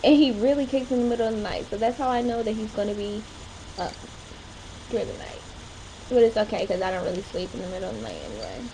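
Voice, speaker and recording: A woman's voice: mid-range voice, expressive, quick pace, background noise. A young woman chatting casually in a home vlog, rambling along with short laughs. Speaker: vlogger. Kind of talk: casual chat.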